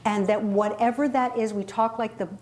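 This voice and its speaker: Energetic woman coaching a live group. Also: moderate pace, slight background noise. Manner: energetic, demonstrates vocal range with sudden high and low voices. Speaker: voice and presentation coach. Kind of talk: workshop talk to a live audience.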